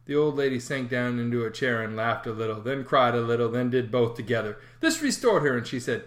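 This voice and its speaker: Lively storybook narrator with a swinging voice. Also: mid-range voice, a little fast. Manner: expressive storytelling, lively inflection. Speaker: audiobook reader. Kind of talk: scripted narration of a classic novel.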